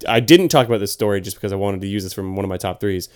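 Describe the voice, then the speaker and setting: Smooth-voiced laid-back man. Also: on the low side, very fast. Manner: laid-back, swears often. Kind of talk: casual chat.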